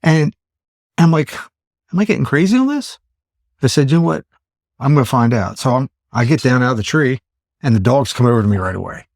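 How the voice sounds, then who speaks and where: A man's voice: medium pitch, brisk, a little mellow, dry recording, studio quality. A man in his fifties, a podcast host telling a story in casual chat and acting out his own thoughts in exclaimed asides. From Pennsylvania. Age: 50s.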